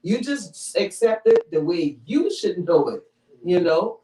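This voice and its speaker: A woman's voice: on the low side, big pitch swings, slow pace, warm tone. A woman preaches a conversational sermon to her congregation, teaching step by step and checking in with "all right?" along the way. She is recorded from a distance in an echoey hall, so her voice rings off the walls. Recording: echoey room, mic from far off.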